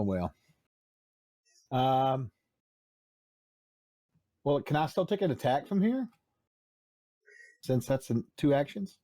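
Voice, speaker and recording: Male player, mellow tone, lively pitch, relaxed and curious. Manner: easygoing, asks questions about the rules. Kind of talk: casual tabletop play.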